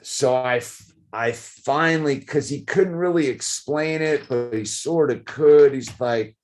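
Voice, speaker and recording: A man's voice: mid-range voice, measured pace, a little mellow. A middle-aged man, rambling casually to camera, full of "dude" and "like". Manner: rambling, says "dude" and "like" a lot. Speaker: vlogger.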